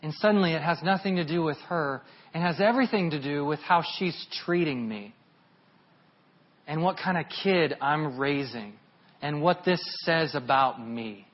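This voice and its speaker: A man in his thirties preaching a sermon. His husky, rather high voice tells a personal story in an earnest, confessional way. The recording sounds dull and lo-fi. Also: moderate pace. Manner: earnest, confessional, swells louder and higher at emotional peaks.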